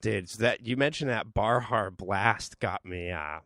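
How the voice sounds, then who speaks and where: A man co-hosting a podcast in casual banter, goofy and deadpan, slipping into silly sound effects. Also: lowish voice, measured pace, no room sound, clean studio sound. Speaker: podcast co-host. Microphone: studio mic.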